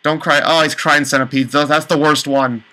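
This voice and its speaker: A man commentating a let's play, exasperated, with high panicked outbursts and swearing. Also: little pitch movement, moderate pace, sharp tone, low-quality recording. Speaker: gaming channel host.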